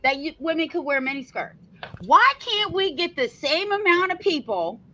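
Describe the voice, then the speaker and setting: A woman's voice: sits high, very animated, moderate pace, bright, forceful tone, low-quality recording. A woman co-hosting a podcast, talking in an irritated, emphatic way and often asking "right?". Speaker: podcast co-host. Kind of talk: casual podcast talk.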